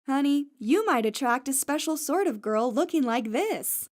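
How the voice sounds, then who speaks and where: A woman's voice: high-pitched, expressive, moderate pace, a little mellow. A woman reading the part of a teasing, affectionate young woman friend in an audiobook.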